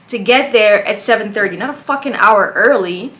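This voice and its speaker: A woman's voice: mid-range voice, moderate pace, few pauses, fairly bright tone. A woman reacting to a dating story with blunt, exasperated commentary. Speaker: reaction host. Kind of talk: reacting to a video.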